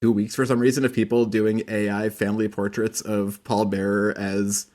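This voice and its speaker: A man's voice: on the low side, level tone, moderate pace, a little mellow. A man chatting on a podcast, outspoken and heated, swearing freely. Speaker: podcast co-host. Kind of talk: casual chat.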